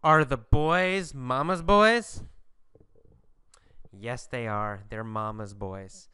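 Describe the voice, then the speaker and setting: A man's voice: mid-range voice, clear, resonant tone, no echo. A man teaching an English lesson through questions and answers about a story, speaking emphatically. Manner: slow, emphatic teacher delivery with lively intonation.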